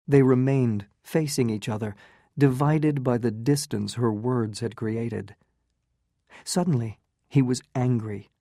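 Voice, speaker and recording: Male audiobook narrator for learners; measured, slow, warm-toned read. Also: mid-range voice, vocal fry, no echo, clean studio sound. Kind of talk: slow graded-reader narration.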